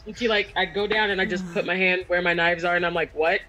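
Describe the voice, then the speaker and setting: A man playing a tabletop game, excitable and quick to laugh. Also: high voice. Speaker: player. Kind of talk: tabletop role-play. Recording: noisy, off-mic.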